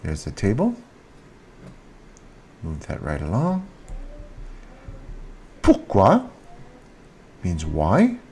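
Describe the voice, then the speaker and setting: Slow, lively-voiced male teacher. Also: slightly rough. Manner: repeats example sentences, rising pitch on question words. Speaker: French teacher. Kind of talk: video lesson explaining grammar.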